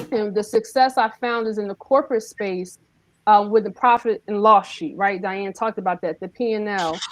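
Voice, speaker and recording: A woman's voice: a little high, dry recording, poor audio. Emphatic woman in a dry recording. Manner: emphatic, uses rhetorical questions. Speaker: guest entrepreneur. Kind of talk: panel interview answer.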